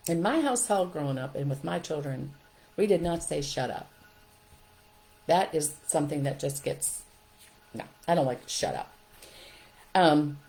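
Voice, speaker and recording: A woman's voice: on the low side, a little mellow, poor audio. An older woman hosting a live talk, giving parenting advice in a chatty way, laughing often and reading viewer comments aloud. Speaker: host.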